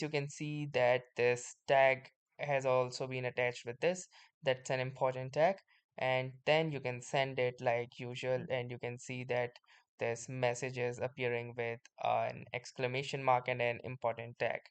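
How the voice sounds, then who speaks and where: Man, smooth clear voice, mid pitch, software tutorial host, steady explanatory delivery. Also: normal speed. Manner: steady explanatory, frequent "so" starters. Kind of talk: screen-recorded software tutorial.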